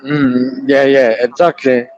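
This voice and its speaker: A man's voice: mid-range voice, level tone, slow, a little mellow, no room sound. A man co-hosting a podcast, chiming in with brief, affirming replies in casual chat. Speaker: co-host. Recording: dull lo-fi sound.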